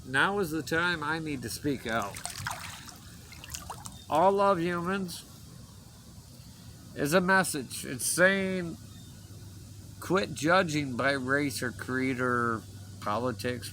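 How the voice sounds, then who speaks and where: A man's voice: medium pitch, pushed and bright, slight background noise, low-quality recording. A man delivering an impassioned, rambling personal message to his viewers, earnest and emotional, pleading with them to listen. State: choked up. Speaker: vlogger.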